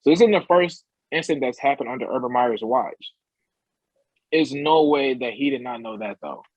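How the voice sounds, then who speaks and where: An insistent man co-hosting a sports podcast makes his case firmly in an average-pitched voice. The sound is dry and slightly muffled. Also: normal speed, no room sound. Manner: emphatic, insistent. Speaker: podcast co-host. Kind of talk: casual sports podcast chat.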